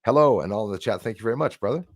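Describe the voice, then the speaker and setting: Low-voiced man hosting a live stream. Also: expressive, very fast, dry recording, studio quality. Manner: rambling, greets chat viewers by name. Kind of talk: casual live-stream chat.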